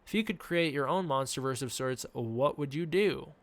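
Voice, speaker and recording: Sitting indoors at home with a desk mic and face cam, a young man casually chats on a live stream, reading chat questions and using many fillers. He talks at normal speed in a mid-range voice, with no echo.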